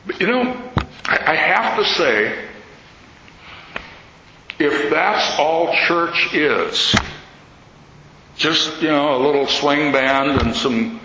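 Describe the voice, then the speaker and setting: An older man, an Orthodox priest, giving a talk in sermon style and telling stories with lively quoted voices. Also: on the high side, slow pace, long pauses. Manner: storytelling, animated quoting of others. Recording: echoey hall, slightly dull sound, faint noise.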